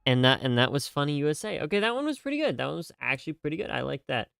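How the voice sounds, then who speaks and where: A man's voice: a little high, sing-song, very fast, gravelly, fairly bright tone, clear, resonant tone, no echo. A young man chatting casually on a live stream, rambling and joking at himself with lots of fillers and restarts. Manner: rambling, jokey, self-mocking, many fillers and restarts. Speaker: streamer reacting to game music.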